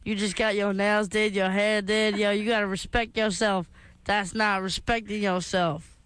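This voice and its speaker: A brash, sassy streetwise woman, put on by a male radio co-host who hands out blunt advice in thick slang and calls every caller girl. The voice is smooth and resonant, recorded close and dry. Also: high-pitched, flat delivery, moderate pace, a bit bright, no echo. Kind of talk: comic radio call-in banter.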